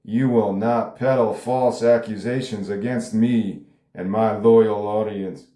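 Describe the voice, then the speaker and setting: A man's voice: fairly low pitch, steady tone, slow pace, mellow. A man reading a pompous male cable news host in a script table read, with blustering, self-important delivery. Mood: indignant. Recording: roomy echo.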